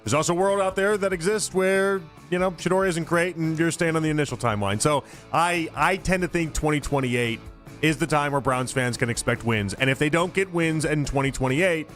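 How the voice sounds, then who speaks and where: A man co-hosting a sports radio show, casually laying out his reasoning in a steady way. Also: a little high, fairly quick, soft background music. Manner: steady, reasoned, lays out predictions.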